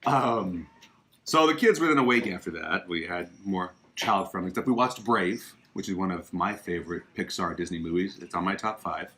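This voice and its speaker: A man talks loosely and at length from his living room, hosting a live show about movies. His voice sits on the low side, and he gets emphatic and opinionated when he pushes a point. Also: brisk, few pauses, pushed and bright. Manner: chatty and opinionated, emphatic asides. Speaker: podcast host. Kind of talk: casual livestream chat about films.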